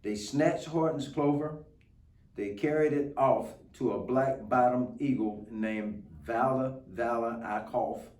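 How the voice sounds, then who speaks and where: A man, a guest reader, reading a picture book aloud in an unhurried, expressive way. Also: medium pitch. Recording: roomy, distant mic.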